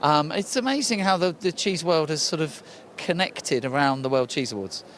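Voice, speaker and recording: A man's voice: on the high side, expressive, moderate pace, a bit bright, slight background noise. A man hosting a casual interview, asking questions and reacting with enthusiasm. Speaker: interviewer host.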